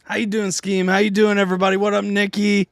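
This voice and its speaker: A man hosting a live music reaction stream, hoarse and nearly voiceless, chatting casually with his viewers and reading out their messages. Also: high voice, completely flat delivery, quick pace, no echo, studio quality. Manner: chatty, talks straight to viewers, reading out chat.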